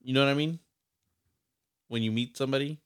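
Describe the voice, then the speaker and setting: Male podcast co-host, mid-pitched voice, rambling casual chat full of fillers. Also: fairly quick, smooth. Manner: rambling, heavy use of fillers.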